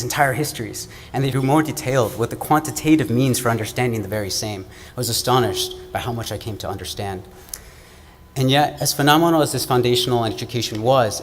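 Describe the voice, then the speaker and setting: A young man from the American Midwest giving an earnest, measured, oratorical student speech at an event. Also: medium pitch. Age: young adult. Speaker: student speaker. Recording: long hall reverb, faint room noise.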